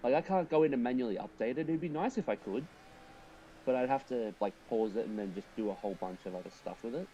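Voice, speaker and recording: A man's voice: medium pitch, expressive, fast talker, mellow, a little hiss or hum, poor audio. A man streaming a racing game, chatting casually and thinking aloud while he drives and answers his viewers.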